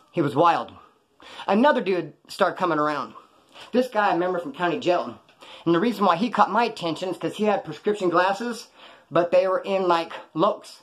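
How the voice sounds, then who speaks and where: A middle-aged man tells a prison story in a rapid, loose stream, swearing freely and acting out what others said. His voice sits a bit high for a man, and he barrels along without slowing down. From Bakersfield, California. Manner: rapid, profane, animated, acts out others' lines. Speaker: former prisoner telling stories. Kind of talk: casual storytelling.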